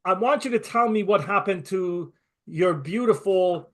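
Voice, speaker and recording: A man's voice: high-pitched, unhurried. A male interview host who talks in an emphatic, indignant way and speeds up in bursts. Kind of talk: conversational interview.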